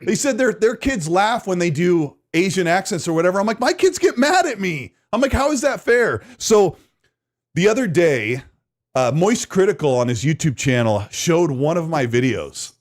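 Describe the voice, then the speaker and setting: A man's voice: on the high side, moderate pace. A man hosting a gaming news podcast, chatting casually and joking, often laughing. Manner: animated, jokey, laughs often. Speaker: podcast host.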